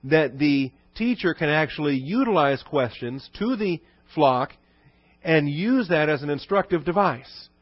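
Pastor guy teaching a sermon, kinda high voice, asks the flock questions, reads verses slow. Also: expressive, no room sound. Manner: conversational teaching with rhetorical questions; reads scripture quotes slowly and low. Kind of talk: expository sermon. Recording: dull dry recording.

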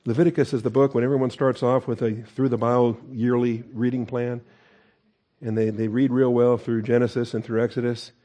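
A middle-aged pastor preaching in a relaxed, conversational way and dropping in joking asides. His voice is mellow and dark. His pitch sits in the ordinary middle range for a man. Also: brisk. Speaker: pastor teacher. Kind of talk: sermon.

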